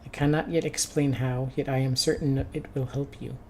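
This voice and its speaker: A man doing a hushed cryptic stranger. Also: mid-range voice, level tone, a little hiss or hum, close to an everyday voice. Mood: ominous. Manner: hushed, slow, mysterious. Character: cryptic calm male stranger giving prophecies. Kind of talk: game character voicing.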